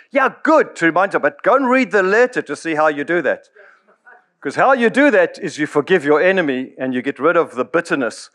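A man's voice: a little high, lively intonation, fairly quick, fairly bright tone. Man, middle-aged, pastor, sermon, acts out quotes, chuckles often. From South Africa.

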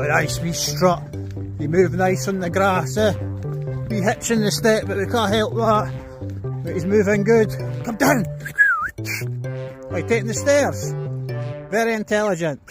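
A man's voice: sits high, unhurried, pauses often, music in the background. A Scottish man chatting casually on a live stream while walking his dog outdoors, teasing it and swearing freely. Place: outdoors on grass in a park.

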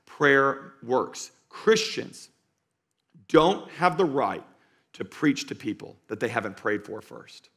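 A man preaching a sermon to a live congregation as pastor, driving points home by repeating them and moving between loud urging and slow, quiet emphasis. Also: mid-range voice, very animated. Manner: emphatic, repeats key lines for stress. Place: church stage before a live congregation.

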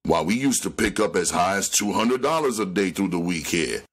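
A man's voice: low-pitched, expressive, moderate pace, slightly rough, pitched above the performer's own voice. A man voicing a blunt woman who chides an old lady about money in a read-aloud crime novel. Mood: chiding. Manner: blunt, chiding.

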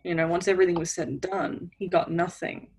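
A woman playing an earnest young female street kid who talks in a halting way. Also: on the low side, little pitch movement, a little mellow, close to an everyday voice.

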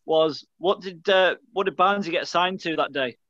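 A man's voice: high voice, moderate pace, a bit bright, no echo. A man in a casual chat, chipping in with questions and prompts. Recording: dry dull lo-fi audio.

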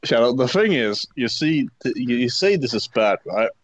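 A man's voice: medium pitch, animated, normal speed, no room sound. A man who edits the videos, chatting crudely with friends in a mock-lecturing tone. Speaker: video editor. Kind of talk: casual chat with friends.

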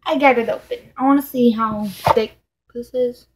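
A woman's voice: fairly high pitch, steady tone, moderate pace, very noisy. A young woman filming a casual unboxing vlog at home on a distant camera mic, exasperated and swearing, saying "like" constantly. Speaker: vlogger.

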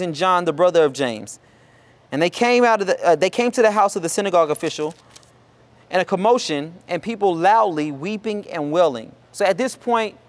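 A man preaching a sermon, casual and conversational, acting out the people in the story. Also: sits high. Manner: acts out Bible characters in lively voices. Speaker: pastor.

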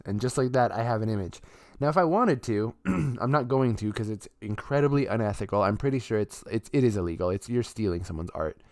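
Low-voiced casual male streamer. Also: a little mellow, no room sound. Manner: rambling, with many fillers and restarts; offhand swearing. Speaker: streamer and artist. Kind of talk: casual live-stream chat.

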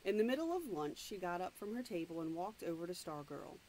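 A woman's voice: fairly low pitch, sing-song, dark tone, slight background noise, low-quality recording. A woman reading a novel aloud, stopping now and then to explain the story in her own words. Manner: plain, unhurried read-aloud narration with asides. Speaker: reader.

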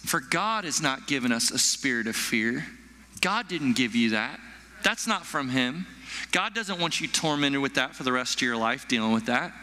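A male pastor preaching a sermon to his church, animated, acting out frightened people with stammers and sighs. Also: medium pitch, moderate pace. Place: church hall. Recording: long echo of a large hall.

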